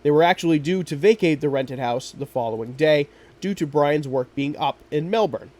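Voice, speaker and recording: A man hosting a podcast, narrating a true crime case in a steady, measured way. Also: a little high. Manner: steady, measured storytelling with quoted lines. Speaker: podcast host.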